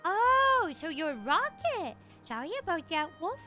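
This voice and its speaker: Sugary game bestie, sky-high voice, begs sweetly, music playing. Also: female voice, measured pace, exaggerated voice. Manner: sweet, wheedling, animated. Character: bubbly young woman companion, cheerful and pleading. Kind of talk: video game voice acting.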